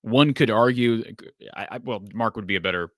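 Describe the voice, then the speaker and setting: A man's voice: lowish voice, normal speed, a bit bright, no echo, studio quality. A man hosting a live call-in sports show, chatting loosely and thinking aloud with plenty of fillers. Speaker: show host.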